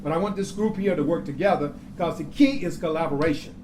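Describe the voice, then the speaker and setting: A man's voice: a little high, quick pace, noisy background. Man teaching a class, quizzing with "what?". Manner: asks the class "what?" and answers himself, repeats key words. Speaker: grant-writing instructor. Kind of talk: classroom lecture with call-and-response questions. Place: community classroom.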